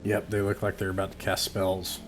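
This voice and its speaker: Game master, man, low voice, halting online narration with music under it. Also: monotone. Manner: halting, many fillers and restarts.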